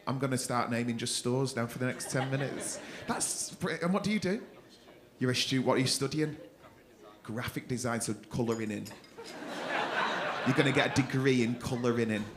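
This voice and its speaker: A man's voice: medium pitch, normal speed. A man doing crowd work as a stand-up comedian in a club, teasing audience members with a cheeky, swearing manner. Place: comedy club stage before a laughing crowd. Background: audience laughter.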